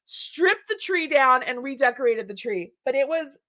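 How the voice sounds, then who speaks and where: A woman hosting a casual chat show, telling a story in an animated way and laughing often. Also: high voice, normal speed. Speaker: show host. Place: home.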